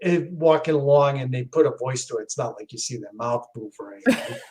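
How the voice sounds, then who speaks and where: A man reminisces on a live stream in a mid-pitched voice, wandering through old memories. He stumbles and restarts, keeping the flow easy. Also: a little fast, a little mellow. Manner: rambling, fond of nostalgia, stumbles and restarts. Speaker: regular co-host. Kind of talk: casual chat. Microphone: headphones with a computer mic on a call.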